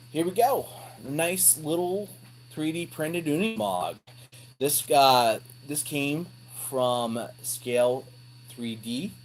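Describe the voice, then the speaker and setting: A man hosting a hobby show, chatting casually with his viewers from his home workshop and getting excited as he answers them. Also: medium pitch, rough recording. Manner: folksy and excitable, calls viewers brother. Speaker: host of a scale RC hobby show. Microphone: phone camera.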